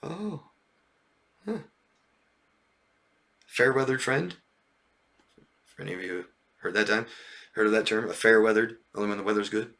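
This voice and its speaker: A man talks casually as a relationship coach, his voice bright and keen. He keeps checking in with listeners with a "yeah?" or "right?", laughs often, and slips into raised, mocking voices to act out friends. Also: lowish voice, animated, measured pace, long pauses. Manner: occasional swearing. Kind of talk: casual talk to viewers.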